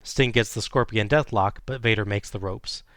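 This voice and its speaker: Podcast host, male, lower register, dry booth sound, steady play-by-play recap. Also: moderate pace, dry recording. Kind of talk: casual recap narration.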